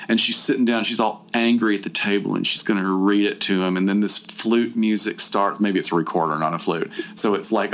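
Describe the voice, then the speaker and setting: A man's voice: lowish voice, fairly bright tone. A man hosting a podcast, chatting casually and animatedly while recapping a movie, often laughing and slipping into impressions. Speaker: podcast host.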